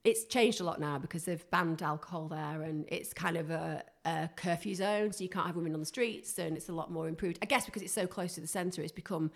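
Fast-talking chatty woman. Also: low-pitched, creaky. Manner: chatty, enthusiastic storyteller with many "like" fillers. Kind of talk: casual chat.

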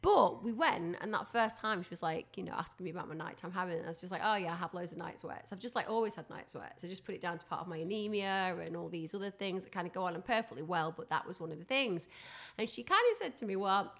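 A woman with a strong Northern English accent, co-hosting a casual podcast at home and telling stories with lively, acted-out asides. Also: fairly low pitch, fast, few pauses. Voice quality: animated, acts out voices in her anecdotes. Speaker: podcast co-host. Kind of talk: casual chat. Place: home, dogs nearby.

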